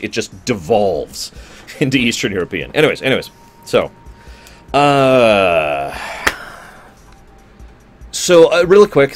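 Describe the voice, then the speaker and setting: A man streaming and chatting casually with his viewers, rambling and correcting himself as he goes. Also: on the low side. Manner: rambling, conversational, self-correcting; talks to chat viewers.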